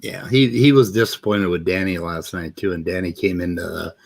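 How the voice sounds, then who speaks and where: A man's voice: low-pitched, fairly even intonation, fairly quick, gravelly. A man hosting a livestream, chatting in a laid-back, plain-spoken way. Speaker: livestream host. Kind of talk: casual chat.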